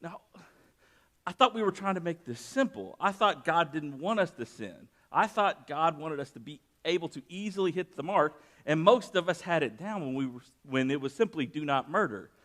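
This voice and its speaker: This male pastor's sermon blends scripture reading with personal anecdotes, his conversational delivery rising whenever he wants emphasis. His voice is on the high side, animated and a bit bright, at a normal speed.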